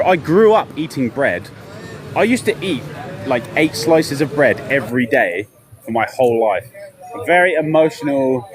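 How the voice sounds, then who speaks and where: During a walking live stream outdoors on city streets, a vlogger holds the camera and chats loosely, spinning stories as he goes. His voice is fairly high-pitched against a noisy background.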